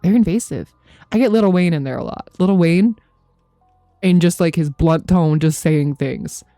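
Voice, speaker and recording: Thirties woman, streamer, low and mellow, rambling chat, casual swearing, dry close mic. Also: measured pace, no echo, soft background music. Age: 30s. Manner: rambling, chatty, swears freely, laughs often. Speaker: game streamer.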